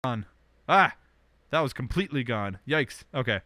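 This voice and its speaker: A young man hosting a casual livestream from home, rambling with lots of fillers and bursts of animated complaint. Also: mid-range voice, moderate pace, dry recording. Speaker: podcast host. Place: indoors at home under a blanket.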